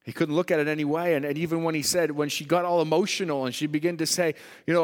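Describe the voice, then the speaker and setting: This preacher is a man with a high voice who talks fast, pauses little, and keeps his pitch mostly level. His sermon, delivered in a church hall with lengthy reverb, alternates between forceful proclamations and quiet, whispered remarks.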